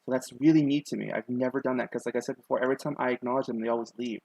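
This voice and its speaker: A man's voice: medium pitch, steady tone, racing, gravelly, a little mellow, dry recording, rough recording. Young man, slithery lisp on his S's, rambling live-stream chat, dry close sound. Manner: rambling, many ums and likes, self-conscious.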